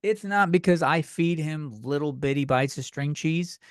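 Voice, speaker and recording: A man's voice: on the high side, normal speed, clean tone, no echo, studio quality. A man hosting a podcast, ranting in a rambling, profane way, breaking off and restarting mid-sentence. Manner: rambling, profane, self-interrupting. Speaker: podcast host. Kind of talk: comedic solo rant.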